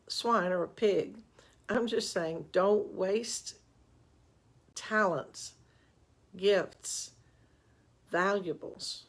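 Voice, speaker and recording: An older woman, a relationship coach, giving chatty, folksy advice on a live stream with self-mocking asides, into a webcam. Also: medium pitch.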